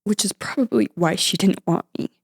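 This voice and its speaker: A young woman guest on a podcast, recounting her mother's hospital visit in a halting, emotional way, with many fillers and restarts. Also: medium pitch, husky. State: emotional, near tears at times. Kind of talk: emotional personal storytelling.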